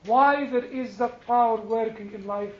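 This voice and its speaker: A man with a notably high voice teaches a church class, moving from personal stories to pointed questions for his listeners. The room is echoey and the sound a little muffled, with faint background noise. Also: unhurried. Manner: storytelling, asks the room questions, builds to forceful emphasis. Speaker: Orthodox clergyman teaching a class.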